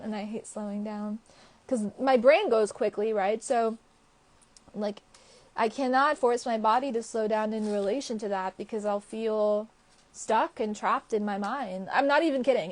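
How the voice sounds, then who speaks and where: A young woman chatting casually to viewers on a livestream, rambling with lots of fillers and frequent laughs. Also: medium pitch. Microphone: phone or webcam livestream.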